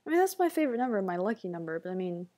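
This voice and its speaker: A woman's voice: medium pitch, very animated, rapid-fire, dark tone. A young woman hosting a casual livestream Q&A, joking around and dropping into whispered asides. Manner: playful, jokey, drops into whispered asides. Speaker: livestream host.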